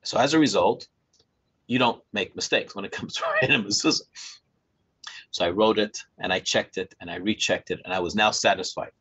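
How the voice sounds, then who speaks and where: A man in his sixties, a Torah scribe, telling a story to a small group in an animated way, acting out dialogue and often chuckling as he talks. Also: fairly low pitch, brisk, husky. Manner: chuckles often while talking. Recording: dull lo-fi recording.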